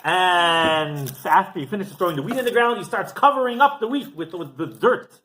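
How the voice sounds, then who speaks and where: Animated rabbi telling a parable. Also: male voice, high voice, normal speed, a little hiss or hum, poor audio. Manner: animated storytelling with frequent "right?". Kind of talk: Torah class sermon.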